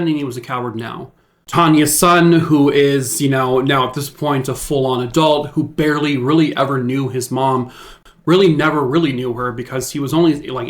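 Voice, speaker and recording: A man telling a true crime story in casual talk, blunt and emphatic, with lots of fillers. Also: medium pitch. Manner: blunt and emphatic, with jokey sign-off; talks with many fillers and restarts.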